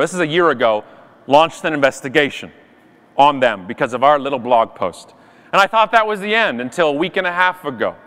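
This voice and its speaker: High, bright-voiced man on stage. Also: clean tone. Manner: animated, jokey, emphatic. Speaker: conference speaker. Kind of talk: keynote talk. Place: large conference hall. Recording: long hall reverb.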